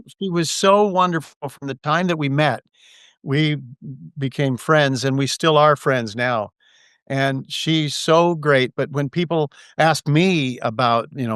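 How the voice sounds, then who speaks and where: An older man, a guest actor, telling relaxed anecdotes in a casual interview over a video call and acting out the lines he quotes. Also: medium pitch, clear, resonant tone, no room sound, clean studio sound.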